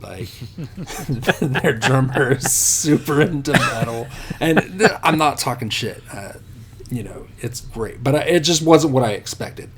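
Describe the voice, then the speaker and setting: A man's voice: mid-range voice, a little slow. A man telling rambling, profane stories about himself as a podcast guest. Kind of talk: casual podcast storytelling.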